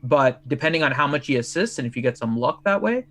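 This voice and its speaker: A man's voice: mid-range voice, lively intonation, fast, fairly bright tone, soft background music. A man on a casual gaming stream, explaining strategy step by step. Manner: explanatory, talks through strategy.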